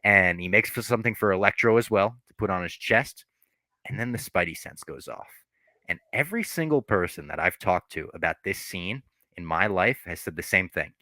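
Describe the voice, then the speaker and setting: Man, deep voice, bright tone, dry close recording, podcast host, casual sweary movie recap. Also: animated, normal speed, no echo. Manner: loose, swearing, rambling storytelling.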